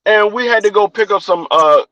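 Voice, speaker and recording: This podcast co-host from Washington, D.C. has a high voice and a local accent, speaking a little fast as he tells profane, animated stories and acts out quoted dialogue in casual chat. The audio is muffled, with no room sound.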